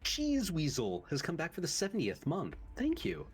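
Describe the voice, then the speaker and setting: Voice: medium pitch, huge pitch swings, moderate pace, slightly rough, faint music behind. A stream co-host in casual chat, reading subscriber thanks and stumbling over names.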